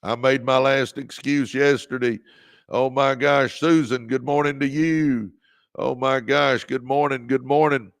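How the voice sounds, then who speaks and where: A man's voice: medium pitch, steady tone, measured pace, vocal fry, dry recording, clean studio sound. A man from Texas hosting a livestream, giving a preachy motivational talk that repeats phrases, calls listeners baby and greets viewers by name. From Texas, United States. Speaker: livestream host and motivational speaker.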